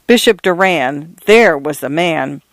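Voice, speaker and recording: A man voicing an older, sharp-tongued female housekeeper who complains bluntly, in a read-aloud story. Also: a little high, animated, slow pace, no room sound. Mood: grumbling. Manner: grumbling, blunt.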